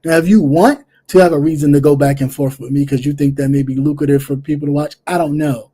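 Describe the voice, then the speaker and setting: A casual live-stream commentator speaks straight to a viewer in a blunt, sassy manner. The voice is warm and mellow, with phrases repeated for emphasis. Sentences often trail off into quiet fillers. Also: mid-range voice, steady tone, fast. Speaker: livestream commentary host.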